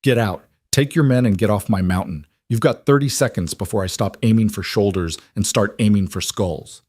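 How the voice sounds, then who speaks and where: A man voicing a deadly calm mountain man. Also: fairly low pitch, moderate pace, dry recording, studio quality, lightly acted. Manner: calm, menacing.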